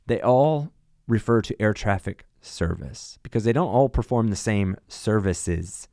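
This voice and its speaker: A man's voice: fairly low pitch, a little slow, no echo, clean studio sound. A man who flies for an airline, chatting in a podcast and telling emphatic stories about flying. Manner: animated storyteller, emphatic. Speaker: airline pilot guest. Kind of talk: casual podcast chat.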